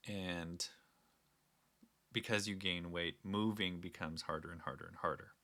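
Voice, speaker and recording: A man's voice: low voice, steady tone, measured pace, sharp tone. A young man hosting a casual solo talk, rambling and earnest with frequent restarts. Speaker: podcast host.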